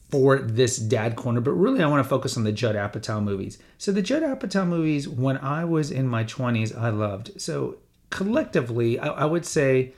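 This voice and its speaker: A man's voice: medium pitch, a little mellow. A middle-aged man hosting a solo podcast, talking in a conversational, rambling way with frequent restarts. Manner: briefly mimics his father's voice and accent. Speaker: podcast host.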